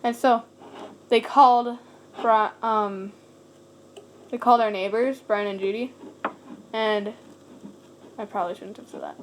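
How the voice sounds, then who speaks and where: A woman's voice: mid-range voice, steady tone, measured pace, pauses often, slight background noise, low-quality recording. A teenage girl rambling casually into her camera at home, full of "like" and giggly asides. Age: teens. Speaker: vlogger. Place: home, indoors. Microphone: camera set on a shelf.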